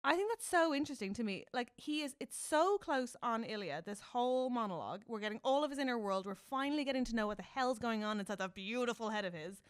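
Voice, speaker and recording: A woman's voice: a little high, lively intonation, quick pace, few pauses, clean tone, dry recording. A woman co-hosting a podcast, chatting casually and acting out scenes in quoted voices. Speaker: podcast co-host. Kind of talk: casual chat. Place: studio. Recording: dry studio sound.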